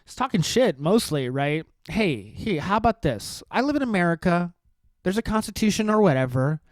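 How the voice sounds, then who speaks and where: His high voice has a sing-song quality at normal speed, with no echo. As a podcast host on a casual political rant, he rambles sarcastically and profanely, repeating phrases and firing off rhetorical questions.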